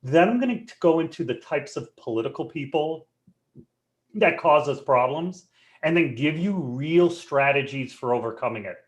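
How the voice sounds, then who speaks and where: A man presenting a live webinar in a joking, conversational and animated way. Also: fairly high pitch, normal speed.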